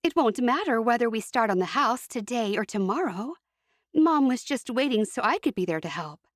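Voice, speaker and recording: A woman voicing an eager, bubbly young Amish woman who speaks in a bright, raised voice. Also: on the high side, animated, moderate pace, dry recording, clean studio sound, pitched above the performer's own voice, natural voice.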